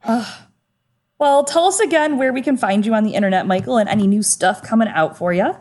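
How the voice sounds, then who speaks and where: A woman's voice: on the high side, brisk, darkish tone. A woman co-hosting a podcast, chatting casually with wry, sarcastic asides. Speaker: podcast co-host.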